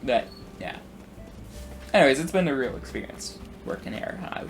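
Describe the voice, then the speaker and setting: A gaming YouTuber in his twenties rambles casually through work stories while playing a video game, his speech full of "like" and restarts. His mid-range voice is expressive and moves at a moderate pace, with faint music in the background.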